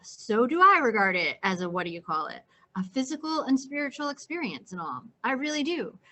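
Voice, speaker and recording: A woman's voice: a little high, big pitch swings, normal speed, a bit bright. A woman reading a novel aloud, voicing a restless, blunt teenage boy who keeps pressing with eager, insistent questions. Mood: pestering, curious.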